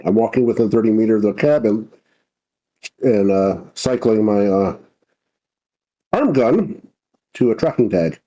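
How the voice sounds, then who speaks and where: A man's voice: lowish voice, animated, unhurried, pauses often, dark tone, poor audio. A man playing an online tabletop game, stating his character's actions matter-of-factly. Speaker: player. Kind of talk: casual game talk.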